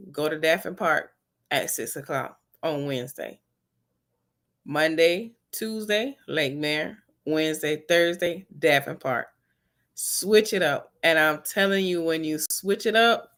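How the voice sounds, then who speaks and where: A woman's voice: low-pitched, fairly bright tone. A woman giving earnest, encouraging wellness advice to her viewers in a casual way, repeating her key points.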